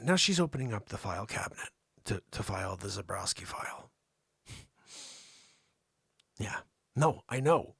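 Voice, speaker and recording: Animated gravelly man doing comedy news. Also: fairly high pitch, normal speed, dry recording, clean studio sound. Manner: animated, mocking, talks to an imaginary co-host. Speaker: comedy show host.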